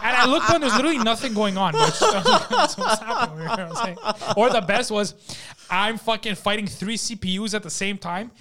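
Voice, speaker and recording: A man with a fairly high voice talks as a podcast guest. He tells animated, profane stories, laughs often and gets loud when he acts out his friends. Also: fairly quick, hardly any pauses. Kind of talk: casual podcast chat.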